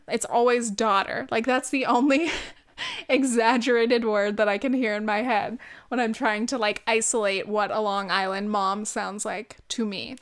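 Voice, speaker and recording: Young woman, Californian accent, rambling casual chat, swears, laughs often, close mic, smooth voice. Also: a little high, normal speed. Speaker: vlog host.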